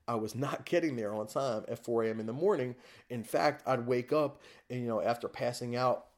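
A man, a podcast guest, telling his personal story in a candid, raw way, often swearing. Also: mid-range voice.

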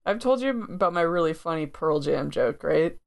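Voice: medium pitch, lively intonation, moderate pace, vocal fry. A podcast co-host who chats playfully, laughs easily and explains things at length. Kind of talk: casual chat.

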